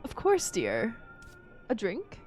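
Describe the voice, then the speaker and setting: A woman's voice: fairly high pitch, wildly swooping pitch, takes it slowly, a little mellow, soft background music, full character voice. Woman putting on a haughty older English lady. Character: genteel, aloof older English lady with a fondness for drink.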